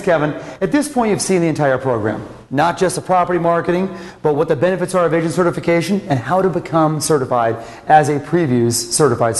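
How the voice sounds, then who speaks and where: A man's voice: a little high, darkish tone, long reverb tail. A man presenting a company marketing program in an enthusiastic, promotional way. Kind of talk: scripted corporate presentation.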